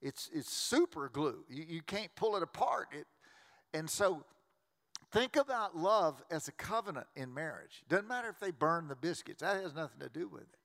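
A man, preaching a sermon as a pastor in a folksy, joking way with quick restarts. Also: on the high side, expressive, creaky, a bit bright. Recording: long reverb of a large hall.

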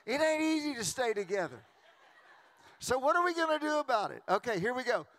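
A man, preaching a sermon as a pastor in a folksy, joking way with quick restarts. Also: very high voice, very animated, a bit bright. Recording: long reverb of a large hall.

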